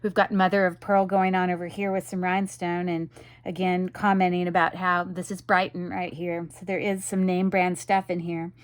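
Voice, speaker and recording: Here a jewelry seller with a fairly low, flat voice presents her wares at a moderate pace, captured in studio quality with no echo. Her casual pitch rambles enthusiastically, peppered with ums and you-knows.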